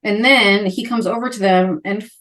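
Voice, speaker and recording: A woman's voice: mid-range voice, moderate pace. A young woman co-hosting a podcast, casually recapping a book and acting out the characters' lines. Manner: animated retelling, acts out characters' lines. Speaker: podcast co-host. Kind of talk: casual book-club chat.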